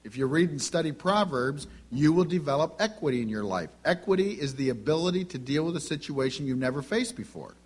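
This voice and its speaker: A man's voice: fairly high pitch, expressive, a little fast, few pauses, slightly rough. A middle-aged man preaching a sermon, telling folksy family anecdotes and acting out the dialogue. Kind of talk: sermon with storytelling.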